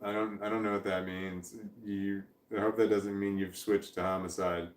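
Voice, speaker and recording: A man's voice: low-pitched, flat delivery, normal speed. Rambling man with a roomy echo. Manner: rambling, reads viewer comments aloud and chuckles. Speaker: livestream host. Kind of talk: casual livestream chat.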